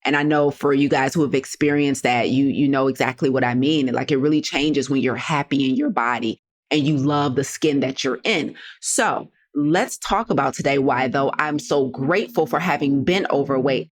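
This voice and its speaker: A woman with a bass voice hosts a solo motivational health podcast at normal speed. As host and health coach, she addresses listeners in a sassy, direct, preachy manner.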